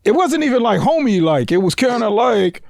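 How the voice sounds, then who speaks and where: Lively high-voiced man, laughing and profane. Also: normal speed, creaky, no room sound, studio quality. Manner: loud, laughing, profane storytelling. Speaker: podcast co-host. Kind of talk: casual podcast chat.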